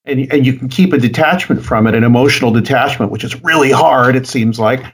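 A man talks through an idea slowly, restarting and repeating words as he goes. His voice sits at an average pitch, and his delivery is steady and reflective. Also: slightly rough. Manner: measured, repeats words while thinking. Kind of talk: conversational discussion.

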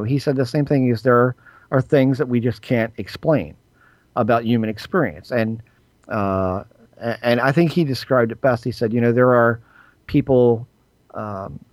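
A man, a podcast guest who is losing his voice, telling a personal story in a halting, rambling way. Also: mid-range voice, a little mellow, dry recording. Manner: rambling, halting with frequent ums and restarts. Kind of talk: casual storytelling interview.

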